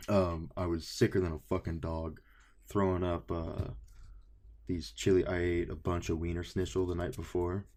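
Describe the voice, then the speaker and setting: A young man with a very low voice co-hosts a casual podcast. He tells stories in a loose, animated way and swears freely. He keeps slipping into the voices of the people he quotes. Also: moderate pace. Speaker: podcast co-host. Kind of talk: casual chat.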